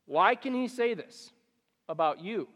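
A man preaching as a pastor, emphatic and repetitive, with dramatic pauses. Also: high-pitched, animated, a bit bright, big-room sound. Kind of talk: sermon.

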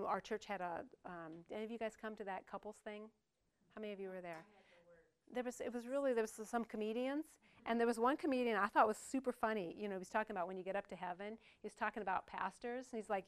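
A woman's voice: mid-range voice, smooth. An older woman preaching a sermon in a conversational way, with joking asides to the congregation.

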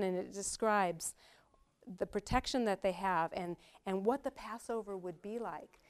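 A middle-aged woman teaching a Bible study in a chatty, lively way, often laughing as she explains. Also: medium pitch, clean tone.

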